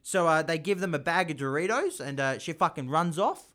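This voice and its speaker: A man's voice: a little high, expressive, brisk, sharp tone, slight background noise. A young man telling a crude improvised story among friends, swearing and laughing. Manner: swears a lot, laughs, does voices.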